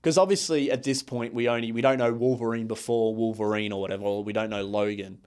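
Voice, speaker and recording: A man co-hosting a podcast, recapping a movie in a rambling, casual way with lots of fillers, acting out characters in quick asides. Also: on the low side, steady tone, darkish tone, clear, resonant tone. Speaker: podcast co-host. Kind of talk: casual movie review chat.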